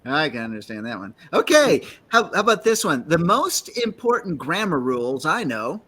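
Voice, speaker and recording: A man's voice: fairly high pitch, sing-song, moderate pace, sharp tone. A man with a Texan accent joking and laughing in a casual studio chat as co-host. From Texas. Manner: jokey, laughs often.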